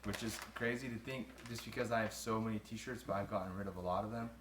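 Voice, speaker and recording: A man's voice: lowish voice, fairly even intonation, fast talker, noisy background. A young man, a groom-to-be, answering interview questions in a casual, rambling way, trailing off and laughing between thoughts. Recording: roomy echo.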